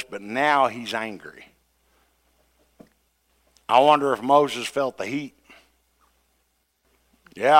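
A man preaching a sermon, retelling scripture with dramatic quoted voices. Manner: dramatic, acts out quoted voices with rising pitch and loudness.

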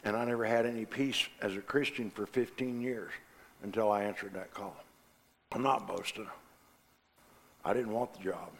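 A man preaching a sermon, passionate and forceful, dropping to quiet asides between loud declarations. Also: lowish voice, steady tone, normal speed, pauses often. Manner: impassioned, swings from loud to quiet.

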